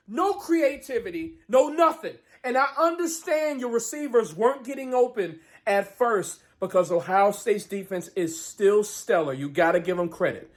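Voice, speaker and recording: A man ranting about a football game as a fan vlogger, profane, swinging between shouted outbursts and low muttering. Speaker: sports vlogger. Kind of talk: angry fan rant.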